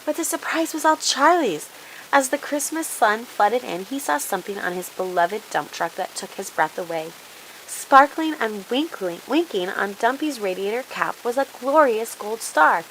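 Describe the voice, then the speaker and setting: A woman reading a children's storybook aloud in an expressive, animated way. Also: a little high, normal speed, a little hiss or hum, rough recording.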